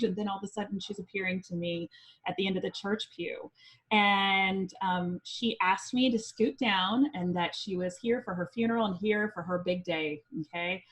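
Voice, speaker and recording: A woman from Indiana, a psychic medium guest on a podcast, telling a personal story in a chatty, lively way with frequent ums. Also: mid-range voice, moderate pace, poor audio.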